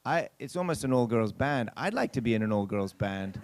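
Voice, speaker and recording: A pastor with a medium-pitched, lively voice talks a little fast as he tells a story in his sermon, with no room sound. He speaks directly and chattily to the congregation, dramatizing what people said.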